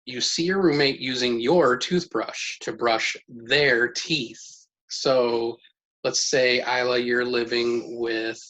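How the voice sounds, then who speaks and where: A man's voice: medium pitch, fairly even intonation, slow, pushed and bright. A man leading a casual life-skills lesson at home with his children, asking questions and praising their answers. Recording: dull lo-fi sound with faint noise.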